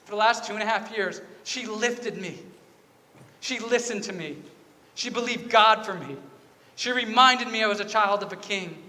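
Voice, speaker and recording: A man's voice: high voice, normal speed, pushed and bright, a little hiss or hum. A man preaching a sermon as pastor, telling a personal story earnestly and repeating key phrases. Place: church sanctuary. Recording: reverberant church hall with faint ambience.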